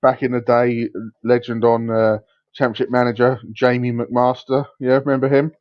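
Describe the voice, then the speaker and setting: A man's voice: mid-range voice, level tone, moderate pace, no echo. Dry, lo-fi podcast man. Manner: builds up jokes, chuckles at his own puns. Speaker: podcast co-host. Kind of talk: casual banter. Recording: dull, dry lo-fi mic.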